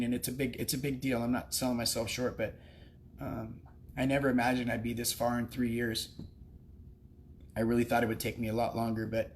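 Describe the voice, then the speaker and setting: Emotional guy rambling his recovery story on a livestream, flat steady voice, lots of ums. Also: mid-range voice, a little hiss or hum. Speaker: recovery cafe member sharing his story. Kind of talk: heartfelt livestream speech. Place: recovery cafe.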